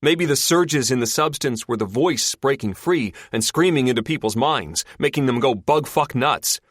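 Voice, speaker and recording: A curious young man, a son, voiced by a man in an audiobook. He asks short, direct questions in a raised, lively voice. The recording is dry and close. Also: medium pitch, moderate pace, no room sound, pitched above the performer's own voice, natural voice.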